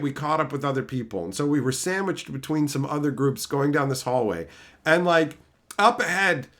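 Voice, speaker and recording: A man telling a story on his stream in a loose, foul-mouthed rant. His voice sits a bit high and bright. It leaps up and down as he scoffs at everything. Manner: profane, exasperated, mocking.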